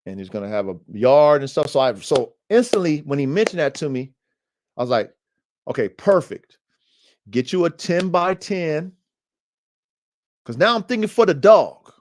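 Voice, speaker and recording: With a medium-pitched voice that swings widely and moves at a brisk pace, this dog trainer hosts a dog podcast. He chats loosely and energetically in slang, calling his audience family and bro.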